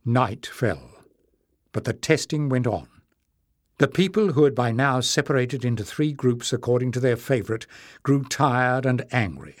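A man reading a fantasy audiobook as narrator, in a measured storytelling delivery. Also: mid-range voice, lively intonation, dry recording, studio quality.

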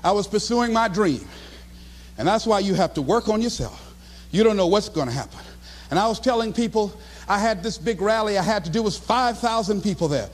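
A high-pitched, lively male voice urges the crowd on, a motivational speaker repeating his points with punch. He is recorded live in a big hall with long reverb and a faint hum behind. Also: a little fast. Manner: emphatic, repetitive, exhorting the audience.

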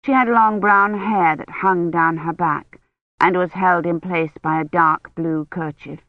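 A woman reading a novel aloud as an audiobook narrator in a measured, even storytelling manner, in a dull, lo-fi recording. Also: fairly low pitch, dry recording. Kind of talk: scripted narration. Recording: dull, lo-fi, dry.

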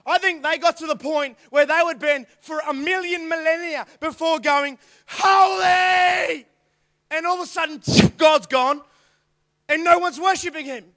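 A man preaching an energetic youth sermon, acting out characters and swinging from quiet asides to shouts. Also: very high-pitched, normal speed. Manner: animated, acts out angels' voices, swings from quiet asides to shouts. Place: church youth hall.

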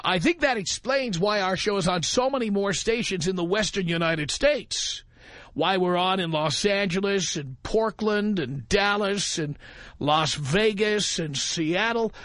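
A man's voice: high voice, a bit bright, no room sound. A man hosting a talk radio show, speaking into a studio microphone with a provocative, emphatic delivery that keeps hammering the same phrase. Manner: provocative, emphatic, repeats his catchphrase.

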